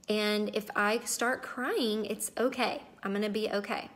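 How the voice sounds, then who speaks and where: A woman's voice: medium pitch, fairly even intonation, takes it slowly, hardly any pauses, a bit bright. A woman in her thirties hosting a casual live video, chatting to viewers, greeting them by name and sounding emotional and close to tears. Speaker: wellness livestream host.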